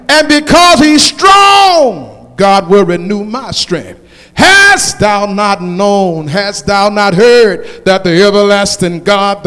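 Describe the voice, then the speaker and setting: High, animated shouting preacher man. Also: in a large hall. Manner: call-and-response preaching, rising to shouted climaxes. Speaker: pastor. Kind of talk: sermon.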